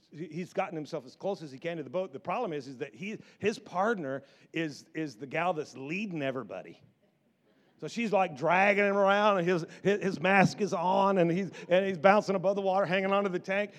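Animated middle-aged pastor preaching. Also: male voice, high-pitched, brisk. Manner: animated, repeats words, acts out biblical quotes. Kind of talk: sermon.

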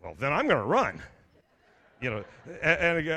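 A man's voice: on the high side, huge pitch swings, normal speed, pauses often, pushed and bright. A middle-aged male pastor preaching a sermon in a church, telling stories in a loose, conversational way with many restarts and calling out to the congregation. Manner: conversational storytelling with frequent restarts and stammers; preacher's call-outs to the congregation.

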